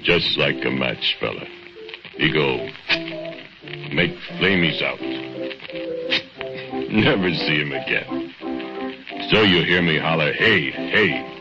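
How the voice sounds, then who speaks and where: An actor playing a menacing, drunken male foundry laborer who speaks broken English in a slow, gloating murmur, in 1940s radio acting. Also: rumbling low, lively intonation, heavily acted. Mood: eerie. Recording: lo-fi old radio broadcast with music.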